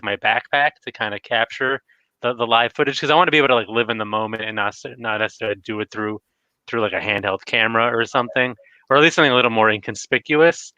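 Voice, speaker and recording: Man, casual stream chat, rambly and filler-heavy; bright voice, dry muffled call audio. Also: medium pitch, no room sound. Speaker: retro collecting YouTuber.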